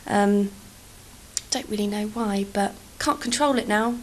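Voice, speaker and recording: Speaking a little slowly in a mid-range voice, a young English woman who makes YouTube videos chats over gameplay, rambling, joking at her own expense and swearing liberally. Her accent slides from posh to Cockney, and there's slight background noise.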